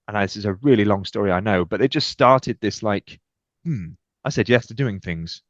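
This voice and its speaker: A man's voice: lowish voice, fast talker, no echo. A British man in his thirties, a podcast guest, telling personal stories energetically and acting out what people said. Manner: energetic, acts out quoted exchanges with lively shifts. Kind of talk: animated storytelling in conversation. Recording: dull, muffled dry podcast audio.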